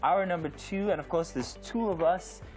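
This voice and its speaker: A man's voice: a little high, normal speed, a little mellow, faint music behind. A man with a Nigerian English accent co-hosting a morning show, playful and teasing. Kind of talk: casual studio chat.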